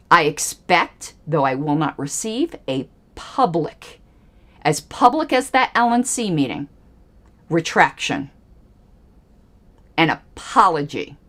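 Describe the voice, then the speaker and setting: Indignant woman ranting, lively pitch. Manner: emphatic and indignant, with pointed repetitions. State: angry. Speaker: livestream host. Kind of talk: angry political livestream commentary.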